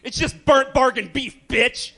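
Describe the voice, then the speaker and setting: A man doing campy, theatrical stand-up comedy in a club, throwing quick asides to the crowd. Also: very high-pitched, steady tone, creaky, bright, forceful tone. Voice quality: slight lisp. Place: comedy club stage with a live audience.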